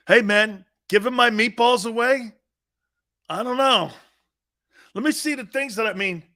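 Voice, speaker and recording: A man hosting a sports talk show, telling stories in a casual, animated way, reading viewer comments and laughing hard at his own tales. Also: high voice.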